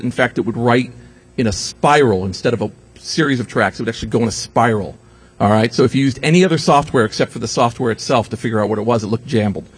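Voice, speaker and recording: A man's voice: medium pitch, slightly rough. A man giving a comic lecture to an audience, sarcastic and profane, putting on mocking voices for the people he quotes. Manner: animated, sarcastic, swears freely, quotes others in mocking voices. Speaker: speaker giving a talk.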